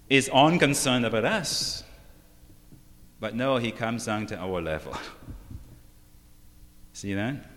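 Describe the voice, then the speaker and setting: A man preaching a sermon, emphatic and unhurried, often asking the listeners rhetorical questions. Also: on the low side, a bit bright. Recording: long hall reverb.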